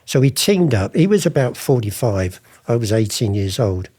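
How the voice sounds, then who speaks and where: Recounting his days as an art forger, an older interviewee chats freely and plays out old exchanges in assorted voices. He speaks at normal speed in a mid-range, sing-song voice that sounds mellow and husky.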